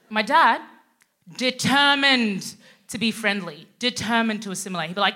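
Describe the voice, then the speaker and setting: A woman from Sudan who grew up in Australia, co-hosting a live show and telling a stand-up comedy set in an animated way, swearing and acting out quotes. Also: on the high side, moderate pace. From Sudan, raised in Australia. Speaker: co-host.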